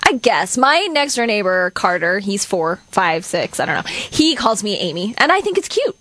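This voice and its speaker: A woman's voice: medium pitch, sing-song, normal speed, pushed and bright, a little hiss or hum. A middle-aged woman co-hosting a radio talk show, chatting casually, laughing lightly and reading out listener texts. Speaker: radio co-host.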